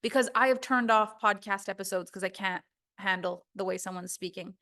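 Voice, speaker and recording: A woman's voice: medium pitch, a little fast, bright, forceful tone. A woman voice coach giving a recorded course lesson, talking emphatically and acting out quoted voices.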